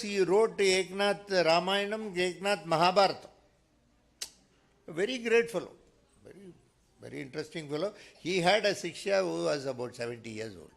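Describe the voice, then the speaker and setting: Gravelly Indian man giving a sermon. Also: medium pitch. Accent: Indian English. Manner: animated storyteller, acts out quotes, mixes in Hindi. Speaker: spiritual teacher. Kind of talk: sermon with storytelling. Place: temple hall.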